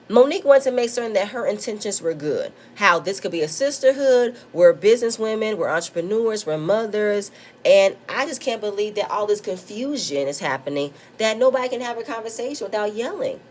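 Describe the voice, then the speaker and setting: A woman's voice: medium pitch, a little hiss or hum. A woman giving a casual, opinionated review of a reality show episode, talking straight at the cast members and acting out their quotes. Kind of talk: casual recap commentary.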